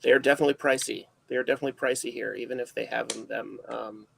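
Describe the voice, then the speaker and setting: A man's voice: medium pitch, steady tone, fast, vocal fry, fairly bright tone, slight background noise, low-quality recording. A man hosting a casual livestream chat, rambling and self-deprecating, full of fillers. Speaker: livestream host.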